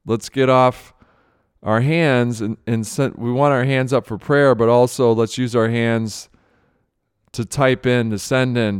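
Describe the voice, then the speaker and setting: A man's voice: mid-range voice, clear, resonant tone, dry recording, clean studio sound. A male host, a father, giving earnest spoken commentary with emotion in his voice, often repeating phrases. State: voice thick with emotion. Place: Austin, Texas.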